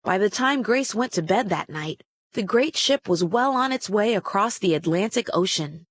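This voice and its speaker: A woman reading a children's story aloud in a steady, expressive way. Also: medium pitch, moderate pace. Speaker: storybook reader.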